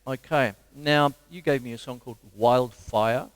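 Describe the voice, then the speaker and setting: A middle-aged Australian man giving a casual drum lesson, counting beats aloud between loud drum playing. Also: mid-range voice, fairly even intonation, a little slow, smooth, no room sound. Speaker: drum teacher. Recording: drum kit loud behind voice.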